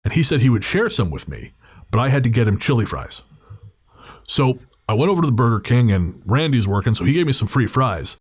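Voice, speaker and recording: A man's voice: medium pitch, very animated, a little fast, slightly rough. A man voicing a wiry, overfamiliar drifter who rambles and swears as he tells a long tale. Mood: rambling.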